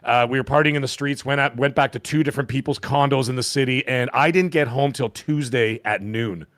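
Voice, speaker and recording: A man in his fifties, hoarse from a lost voice, telling a rambling, animated story as a podcast co-host. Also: medium pitch, fairly quick, no room sound. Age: 50s. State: hoarse, recovering voice. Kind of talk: casual chat.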